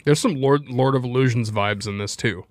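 A man's voice: medium pitch, moderate pace, dry recording, clean studio sound. A man guesting on a comedy podcast, riffing crudely in casual chat.

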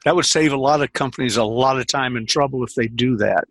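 Older male sales coach, husky, leans hard on key words; dry close sound. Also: mid-range voice, no room sound. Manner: emphatic, repeats key phrases, drawn-out stresses. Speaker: sales trainer and script consultant. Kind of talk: conversational interview storytelling.

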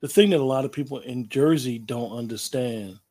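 A man interviewing a guest in a relaxed, slangy way, often repeating his words. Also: medium pitch, normal speed. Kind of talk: casual interview talk.

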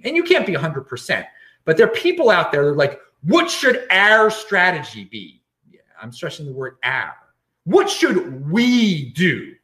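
A man's voice: fairly high pitch, fairly bright tone. A man hosting a live-stream show, talking bluntly and emphatically, with many stumbling restarts as he reads chat questions. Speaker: show host. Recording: echoey room.

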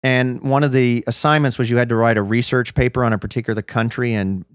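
A man's voice: mid-range voice, steady tone, fast talker, no room sound, clean studio sound. A man as a podcast guest, telling his own story in a reflective, self-deprecating way with many restarts. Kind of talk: personal storytelling in a podcast interview.

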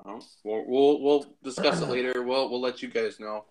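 A man's voice: medium pitch, moderate pace, a crowd in the background. A man hosting a tabletop game podcast in casual banter with friends, laughing often and hesitating with many ums. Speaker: podcast host and player.

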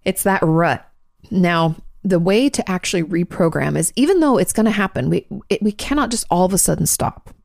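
A woman hosting a show, answering listener questions in a fast, chatty, frank advice talk and swearing now and then. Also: fairly low pitch, animated, vocal fry, a little mellow, dry recording, clean studio sound.

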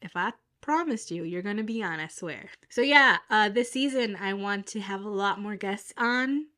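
A woman's voice: medium pitch, moderate pace, pushed and bright. A young adult woman hosting a podcast in casual chat, with a stuffy nose from a cold, upbeat and chatty, often laughing at herself. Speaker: podcast host.

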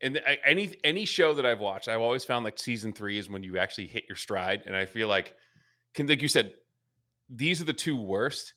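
A man co-hosting a comedy podcast, chatting in a loose way full of fillers like "like." His voice is bright and a bit sharp. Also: medium pitch, lively intonation, a little fast. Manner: chatty, filler-heavy, laughs along. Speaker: podcast co-host. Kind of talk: casual comedy podcast chat.

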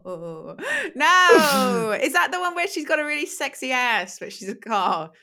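Woman on a podcast, blunt and sweary, higher voice. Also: very animated, a little slow, pushed and bright. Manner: blunt, sweary, laughs often. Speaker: podcast co-host. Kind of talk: casual chat.

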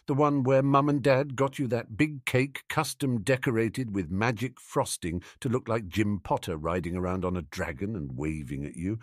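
A man's voice: low voice, dry recording, natural voice. A man voicing a resentful teenage boy who speaks with dry sarcasm. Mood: bitter. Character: bitter, sardonic teenage boy.

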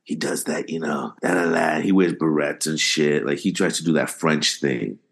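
A man's voice: extremely low pitch, moderate pace, vocal fry, a bit bright. A man co-hosting a podcast in casual chat, blunt, crude and teasing. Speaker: podcast co-host.

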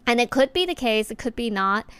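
A woman's voice: on the high side, lively intonation, a little fast, a bit bright, smooth, no room sound. A woman speaking in a casual talking-to-camera monologue, reflective and chatty with many filler words.

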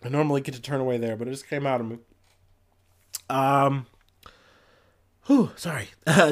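A man's voice: medium pitch, normal speed, long pauses. A young man hosting a casual news podcast, rambling and swearing with many fillers and restarts. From Ohio.

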